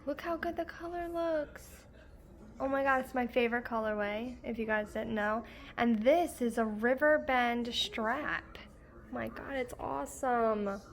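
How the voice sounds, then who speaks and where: A young woman hosting a knitting vlog, gushing with excitement over handmade gifts in casual chat. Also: high-pitched, a little hiss or hum. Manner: gushing, effusive, exclamatory. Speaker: knitting podcast host.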